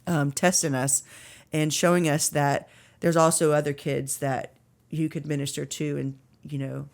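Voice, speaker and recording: A woman's voice: sits low, level tone, measured pace, vocal fry. Woman telling a heartfelt faith story. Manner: earnest, emotional storytelling with many fillers. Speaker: podcast guest. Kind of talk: personal faith testimony.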